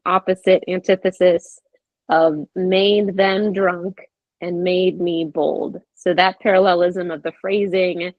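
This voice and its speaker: Slow-speaking woman on a dull call line. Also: fairly low pitch, no room sound. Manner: measured, reads lines slowly and deliberately. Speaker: actor in a workshop. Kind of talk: discussing verse scansion. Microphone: video call.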